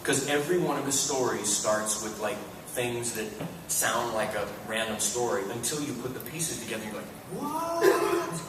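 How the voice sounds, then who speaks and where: A man telling profane, animated comic stories as a guest on a convention panel, often breaking into laughs, recorded in a large hall. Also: mid-range voice, brisk. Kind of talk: comic anecdote storytelling. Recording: echoey hall miked from far, noisy.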